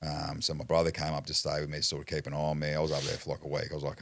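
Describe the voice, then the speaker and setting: A man's voice: rumbling low, monotone, rapid-fire, gravelly, no echo. An Australian man telling a story as a podcast guest, blunt and foul-mouthed in casual chat. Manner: blunt, heavy swearing, acts out quotes.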